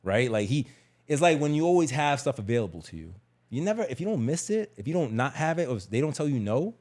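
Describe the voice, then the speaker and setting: A man's voice: mid-range voice, big pitch swings, fast, a little mellow. A middle-aged man talking candidly on a podcast, emphatic and slangy, repeating words as he tells a personal story. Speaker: podcast guest.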